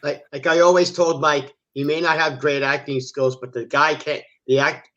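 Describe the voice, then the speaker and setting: A bright, forceful man with a slightly high voice gives firm opinions on a film. His audio comes through muffled and lo-fi, as if over a call. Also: level tone, moderate pace. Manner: opinionated, laughs between remarks. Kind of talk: casual commentary chat.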